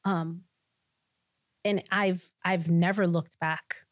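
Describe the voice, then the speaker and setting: A woman pastor sharing her personal testimony in a podcast conversation, an animated storyteller who acts out the people in her story and laughs often. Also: on the low side, slow, no echo. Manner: laughs often between lines.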